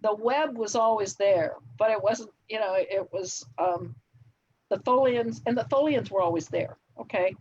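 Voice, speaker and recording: An older woman speaks as a guest on a live stream, reminiscing with easy laughs and plenty of ums. Her voice is a little husky. The audio is dull and lo-fi, like a home computer mic. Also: mid-range voice, normal speed, a little mellow. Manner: reminiscing, frequent laughs and fillers. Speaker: guest TV writer. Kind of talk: relaxed anecdotal interview answers.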